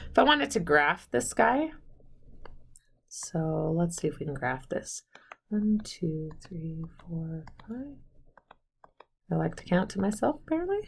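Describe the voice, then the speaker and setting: A woman with a slightly low voice teaching math on video. She chats straight to her students and pokes fun at herself. Now and then she counts quietly under her breath while she sketches at the board. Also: big pitch swings, a little slow, vocal fry, long pauses, breathy edge. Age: adult, married with children. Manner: chatty, self-deprecating, talks straight to the students; counts aloud softly while drawing. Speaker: math instructor. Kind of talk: recorded video math lecture.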